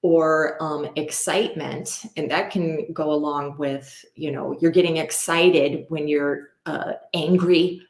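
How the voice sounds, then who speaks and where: A woman with a slightly low voice talks openly and casually on a podcast. She swears freely and rambles with plenty of fillers. The sound carries a roomy echo. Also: steady tone, slow pace, hardly any pauses. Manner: blunt, profane, rambling with many fillers. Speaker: podcast co-host. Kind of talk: candid casual conversation.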